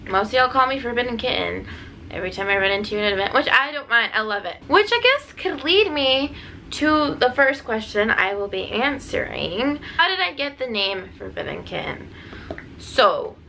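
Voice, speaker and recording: Rambling young woman with a gravelly, lively voice. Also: fairly high pitch, normal speed, a little hiss or hum, poor audio. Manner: rambling, jokey, lots of fillers. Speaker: DJ and YouTuber. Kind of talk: casual Q&A vlog.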